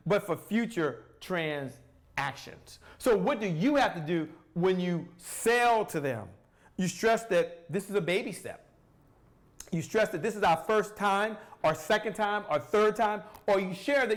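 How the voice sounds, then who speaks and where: A man with a high-pitched voice gives an energetic live-stream sales talk. He asks himself questions, answers them and repeats phrases for emphasis. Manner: pauses to sip water. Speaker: sales coach.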